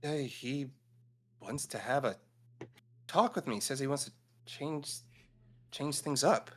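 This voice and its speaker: A man's voice: mid-range voice, unhurried, close to an everyday voice. A man playing an earnest young male hero at a tabletop game, stammering and sounding unsure of himself. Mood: overwhelmed.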